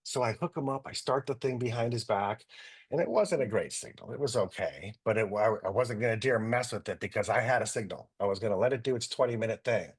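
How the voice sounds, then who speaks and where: Animated storytelling man. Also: lowish voice, fairly quick, breathy edge. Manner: animated anecdotes, acting out quotes. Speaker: guest doctor. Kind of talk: storytelling in a talk.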